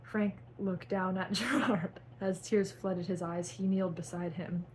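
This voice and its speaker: A woman's voice: mid-range voice, steady tone, a little slow. Young woman, dramatic fan fiction reading, self-mocking asides, faint hiss. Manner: melodramatic, breaks off to laugh and cringe at her own writing. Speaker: YouTuber reading her own fan fiction.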